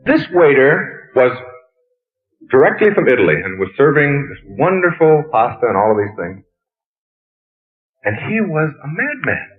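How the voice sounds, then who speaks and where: A middle-aged man gives a motivational talk, telling stories with a playful, mocking edge and peppering listeners with questions. His pitch leaps around animatedly. The sound is narrow and tinny, like an old radio broadcast. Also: measured pace, pauses often. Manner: lively storytelling, playful and mocking. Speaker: motivational speaker. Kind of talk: talk to an audience.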